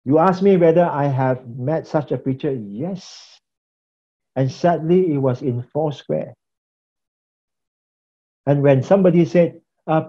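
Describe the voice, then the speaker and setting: Male pastor-teacher, animated lecturer with a fairly high voice, dull lo-fi recording. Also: unhurried, long pauses. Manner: animated, mimics preaching styles, chuckles. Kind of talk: lively classroom lecture.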